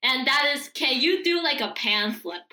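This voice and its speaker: Young woman teasing her friends, bright tone, echoey room. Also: sits high, expressive, normal speed. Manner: teasing, playfully indignant. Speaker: podcast co-host. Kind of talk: casual group chat.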